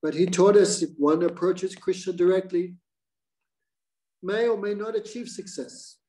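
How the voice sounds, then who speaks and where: A man's voice: high voice, unhurried, rough recording. A man, a spiritual teacher, telling a devotional story in a class and acting out the lines of its figures. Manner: animated storyteller who voices quoted lines.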